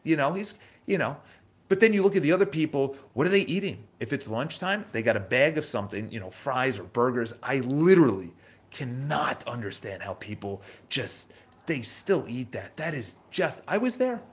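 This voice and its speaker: A man's voice: medium pitch, normal speed. A man in his thirties with a New York accent, talking live to his audience in a casual, motivational way, repeating phrases and restarting sentences. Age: 30s. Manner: energetic, conversational, repeats phrases, restarts often. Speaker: host of a live morning show. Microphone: live stream from his office.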